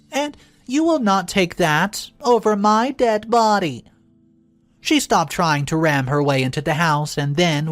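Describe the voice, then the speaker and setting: A woman telling a first-person story aloud, expressive, her voice jumping up for quoted lines. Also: deep voice.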